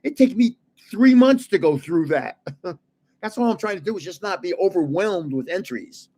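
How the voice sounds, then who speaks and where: This older man's voice is high with a darkish tone, animated and at normal speed. Hosting a card giveaway on a late-night stream, he sounds tired, rambling casually, often chuckling and restarting.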